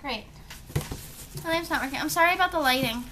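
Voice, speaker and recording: A woman's voice: sits high, fairly quick, bright, forceful tone, a little hiss or hum. A young woman, gushing and gasping through an unboxing vlog at home while talking to her small daughter. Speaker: beauty vlogger, mother. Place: home room.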